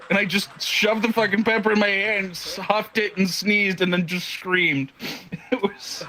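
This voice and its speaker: A man's voice: sits high, fairly even intonation, a little slow, bright, forceful tone, slight background noise, poor audio. A man in his twenties telling a profane stand-up story, with lots of stammered restarts. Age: 20s. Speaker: stand-up comedian. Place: online virtual comedy show.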